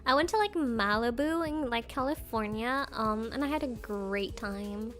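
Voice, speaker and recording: Bubbly young Valley Girl, gushing and full of "like" fillers, played by a woman, high-pitched, over faint music. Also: normal speed, a little mellow, lightly acted. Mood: ditzy. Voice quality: airy upspeak with constant "like" fillers.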